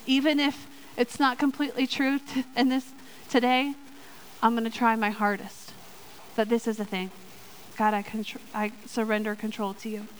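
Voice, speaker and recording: A woman giving a sermon and reading a Bible story aloud, lively and playful with joking asides. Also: a little high, moderate pace, a little hiss or hum, poor audio. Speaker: church speaker in children's ministry.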